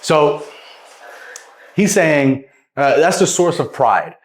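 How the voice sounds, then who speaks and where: A man's voice: fairly high pitch, big pitch swings, slow, roomy sound. A young man casually retelling a Bible parable, rambling and repeating words as he goes. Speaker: vlogger.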